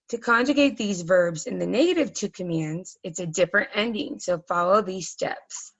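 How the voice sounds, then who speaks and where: A woman's voice: lowish voice, lively intonation, normal speed, vocal fry, few pauses, poor audio. A woman teaching a recorded Spanish grammar lesson, explaining patiently step by step with frequent ums.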